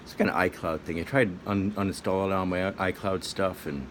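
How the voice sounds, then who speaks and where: A man's voice: low voice, fairly even intonation, fairly quick, a little hiss or hum. A middle-aged man from the United States talking casually to camera, rambling and drifting off on tangents. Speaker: vlogger.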